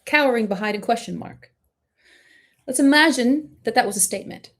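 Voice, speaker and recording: A woman's voice: on the high side, a little fast. Impassioned woman coaching artists live. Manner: emphatic, impassioned, direct; warmly encouraging to the questioner. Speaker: art coach and live-stream host.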